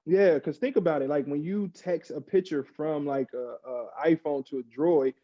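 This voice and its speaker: A man, a podcast guest, chatting casually and getting worked up, acting out other people in quick mock quotes. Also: fairly high pitch, no echo, highs cut off. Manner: animated, rants with mock quotes. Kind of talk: casual chat.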